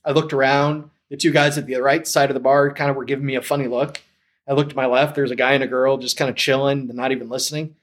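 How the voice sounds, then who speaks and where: A man from St. Louis telling his story as a podcast guest, animated and acting out the lines of people he quotes. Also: mid-range voice, fast talker, a little hiss or hum. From St. Louis, USA. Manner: animated, acts out quoted dialogue. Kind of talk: casual storytelling.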